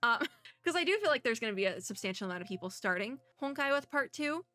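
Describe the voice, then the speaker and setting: Young woman streamer, bright tone, chatty let's-play rambling, voice wearing thin. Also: fairly high pitch, very animated, fast, dry recording. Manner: chatty, rambling, laughs often. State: losing her voice. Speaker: gaming content creator. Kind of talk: casual let's-play commentary.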